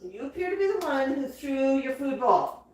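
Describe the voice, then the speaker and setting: A woman hosting a casual livestream, cooing and chatting gently to her pet parrots in between reading viewer comments. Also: high voice, very animated, normal speed, distant mic. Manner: coos and talks gently to her birds. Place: indoor room with pet parrots. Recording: very echoey room, voice away from mic, faint noise.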